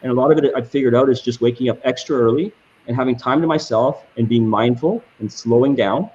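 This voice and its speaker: A man's voice: mid-range voice, quick pace, darkish tone, dull audio. A man answering as a guest in an interview. He talks with passion and often repeats words as he restarts his sentences. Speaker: guest entrepreneur.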